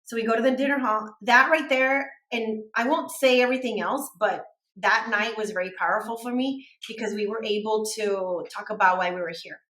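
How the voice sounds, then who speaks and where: A woman's voice: a little high, a little fast, a bit bright. A woman telling a long story in casual chat, rambling and using "like" a lot. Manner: rambling, heavy use of "like". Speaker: podcast team member telling a story. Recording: echoey room.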